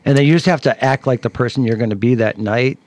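A man co-hosting a podcast, teasing his guest and swearing casually in relaxed chat. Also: medium pitch, fast talker. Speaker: podcast co-host.

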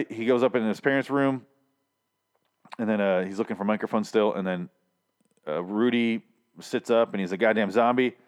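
A man's voice: mid-range voice, a little fast. A young man casually recapping a TV episode, swearing freely and acting out the characters' lines. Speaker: TV recap vlogger.

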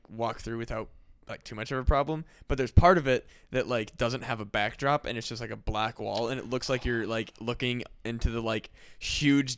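A man's voice: mid-range voice, fairly bright tone, clear, resonant tone, dry recording, studio quality. A man talking as a guest on a casual comedy podcast, rambling and filling his sentences with "like". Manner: rambling, heavy use of "like".

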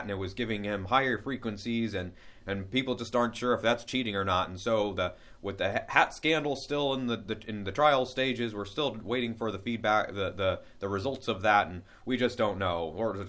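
A man playing a TV news anchor, in a halting delivery full of stumbles and restarts. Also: fairly low pitch, a bit bright, natural voice.

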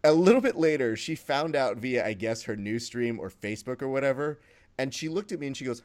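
A man co-hosting a casual wrestling podcast, animated and profane, acting out quotes as he talks. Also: mid-range voice, a little fast. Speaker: podcast co-host.

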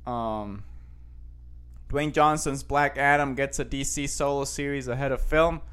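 A man's voice: medium pitch, takes it slowly, a bit bright, clear, resonant tone. A man hosting a casual show, rambling through news headlines with lots of fillers and restarts.

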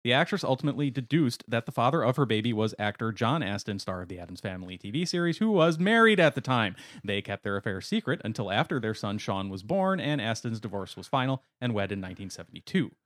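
A man's voice: on the low side, very animated, quick pace, few pauses, a bit bright, no echo, studio quality. A man co-hosting a podcast, reading out a gossipy story and laughing as he goes. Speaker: podcast co-host. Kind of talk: casual chat, reading a story aloud.

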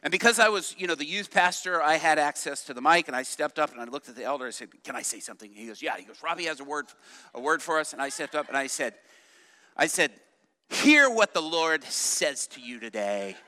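High bright guy preaching, animated storyteller, echoey church hall. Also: fast talker. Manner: animated, laughing, acts out voices in his stories. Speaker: youth pastor telling a story from the pulpit. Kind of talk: sermon storytelling.

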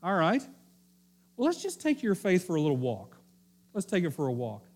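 A man voicing the devil as a sly, taunting male tempter who repeats his dares slowly in a sermon. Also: high-pitched, huge pitch swings, voice pushed up, exaggerated voice. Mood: mocking. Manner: slow mocking challenge, repeated dares.

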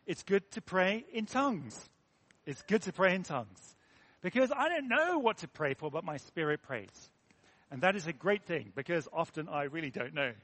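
Higher-voiced English preacher, chatty sermon. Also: male voice, fairly bright tone. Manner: earnest, conversational, self-deprecating asides.

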